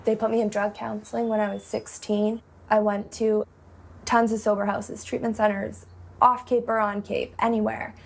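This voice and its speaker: A woman's voice: medium pitch, level tone, normal speed, gravelly. A woman in her twenties from Massachusetts, talking candidly in an interview with many filler "like"s. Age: 20s. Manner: casual, full of filler "like"s. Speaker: interviewee in recovery.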